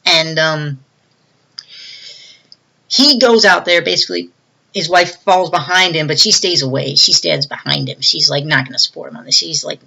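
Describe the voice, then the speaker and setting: Bright-voiced casual movie recap. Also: mid-range voice, moderate pace, vocal fry. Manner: retells scenes, acting out quoted lines in a raised voice; loose and rambling, with many fillers. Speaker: movie reviewer.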